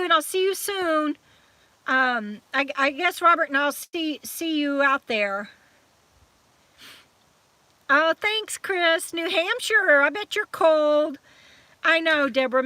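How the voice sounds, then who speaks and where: A woman hosting a live stream chat, warmly thanking viewers by name and trailing off with fillers as she signs off, still a little emotional from crying. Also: high-pitched, slow, pauses often, no room sound. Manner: chatty and affectionate, reading out viewer comments with many fillers.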